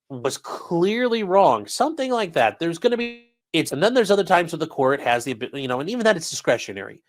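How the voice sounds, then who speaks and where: A man giving casual, sarcastic legal commentary on a livestream, talking straight to his chat. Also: mid-range voice. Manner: casual, sarcastic, lively asides.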